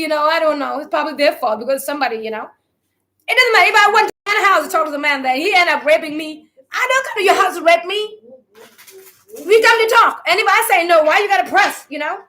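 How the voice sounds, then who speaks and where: A woman's voice: very high-pitched, pushed and bright. A woman giving a spiritual talk to online followers. She speaks emphatically, piles up rhetorical questions and calls on listeners to answer.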